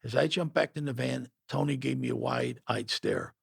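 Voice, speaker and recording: Guy narrating his memoir, matter-of-fact, raspy gravel voice, dry close sound. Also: mid-range voice, normal speed, no echo. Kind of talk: first-person memoir narration.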